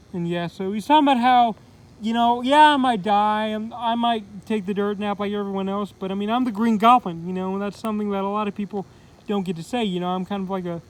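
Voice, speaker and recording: A man's voice: high-pitched, a little hiss or hum, poor audio. A man casually reviewing a comic book, rambling with lots of fillers and restarts.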